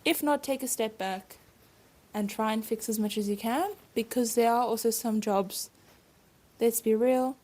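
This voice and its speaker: A woman's voice: a little high, steady tone, a little slow, darkish tone. A woman hosting her own podcast, a stage performer talking casually and reflectively with frequent asides and laughs.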